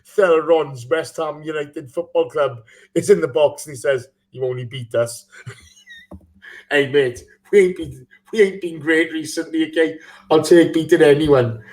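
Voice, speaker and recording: A man's voice: a little high, moderate pace, darkish tone. A man hosting a casual live football podcast, laughing often and reading out listener messages. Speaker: podcast host.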